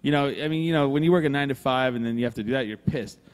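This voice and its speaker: A man's voice: medium pitch, very fast, clean tone. A man recorded live in a brewery room with long reverb trailing his voice. He tells a rambling story casually, swearing freely and putting on the other people's lines as he goes. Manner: animated, swears freely, acts out quoted voices. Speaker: podcast co-host telling a story.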